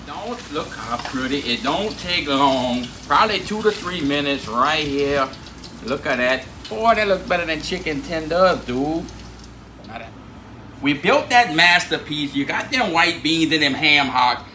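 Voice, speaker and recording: A man's voice: a little high, animated, a little slow, bright, forceful tone, echoey room, a little hiss or hum, rough recording. A man with a Cajun Louisiana accent, hosting a cooking video in a laid-back drawl. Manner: laid-back drawl, says "dude" a lot. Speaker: cooking channel host.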